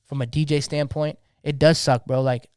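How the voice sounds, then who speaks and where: A man's voice: on the high side, little pitch movement, moderate pace, darkish tone, smooth, no room sound, studio quality. A young man, talking passionately in a slangy, casual podcast conversation, often repeating words as he gets going. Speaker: DJ guest.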